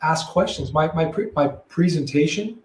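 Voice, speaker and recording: A man talks calmly and plainly about his work, often circling back in short repeated phrases. His voice sits slightly high. He sounds a little away from the mic, in a roomy, echoey space. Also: moderate pace, distant mic, slight background noise. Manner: calm, matter-of-fact, repeats himself in short phrases. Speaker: probate real estate broker, guest. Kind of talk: conversational interview. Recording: roomy echo, voice a bit off-mic.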